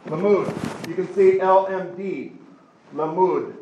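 A man teaching a Bible class in a lively conversational way, often acting out quick voices of other people for the group. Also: high voice. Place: class room in front of a group. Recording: echoey room with background noise.

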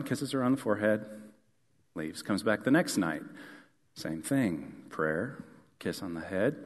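A male pastor preaching a sermon in a relaxed, conversational storytelling way, with frequent fillers and restarts. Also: lowish voice, a little slow, long pauses. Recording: long church hall reverb.

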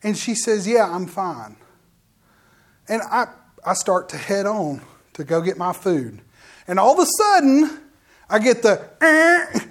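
Speaking a little slowly at a medium pitch, a middle-aged minister delivers a testimony within a sermon, storytelling with energy. The minister talks right to the congregation, drops in asides, and frequently breaks off to restart sentences.

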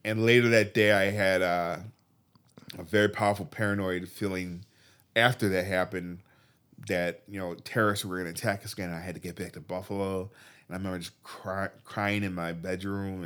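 A man earnestly telling a personal faith story, often halting and restarting his sentences. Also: low-pitched, a bit bright. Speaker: guest telling his testimony.

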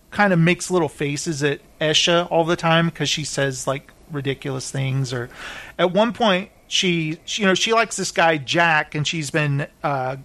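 A man hosts a casual talk show, his voice sitting a little high. He rambles through a story with plenty of fillers and animated retellings. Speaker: podcast host. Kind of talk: casual chat recapping a reality show.

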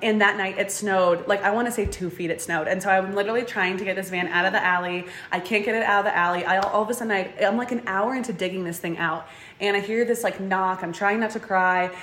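Young woman guest, animated storyteller, filler-heavy, echoey room. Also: mid-range voice, fast talker, a little hiss or hum. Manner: animated, says "like" often, acts out quotes. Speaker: guest, van dweller. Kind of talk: casual interview storytelling.

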